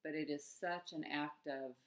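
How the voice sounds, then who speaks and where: Woman, middle-aged, low-pitched, gentle, musing, self-help coaching talk. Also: steady tone, measured pace. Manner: gentle, musing, with soft laughs. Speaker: coach for eating struggles.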